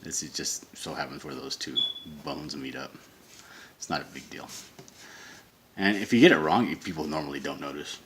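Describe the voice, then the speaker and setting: A man's voice: extremely low pitch, sing-song, normal speed, vocal fry, pauses often, fairly bright tone. A man teaching comic drawing in a casual tutorial, rambling and correcting himself as he sketches. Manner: rambling, self-correcting, thinks aloud while sketching. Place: home studio.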